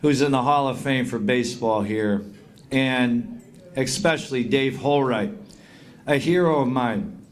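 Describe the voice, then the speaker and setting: A man's voice: medium pitch, unhurried. A middle-aged man giving a heartfelt acceptance speech at a hall of fame induction, thanking people and reading out long lists of names. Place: induction banquet.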